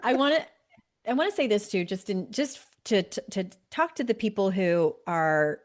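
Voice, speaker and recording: A woman's voice: medium pitch, expressive, moderate pace. A woman in her fifties hosting a podcast, chatting casually and animatedly, often laughing and speeding up in bursts. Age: 50s. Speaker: podcast host. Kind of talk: casual conversational interview.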